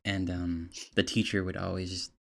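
A man's voice: low-pitched, level tone, moderate pace, vocal fry. A man in casual podcast chat, laid-back and telling stories with laughs.

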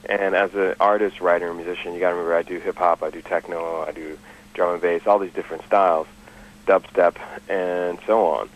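A man's voice: low-pitched, steady tone, brisk, low-quality recording. A man, an artist and musician, talking loosely about his work in an interview, with "you know" and "man" in his speech. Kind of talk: relaxed interview talk.

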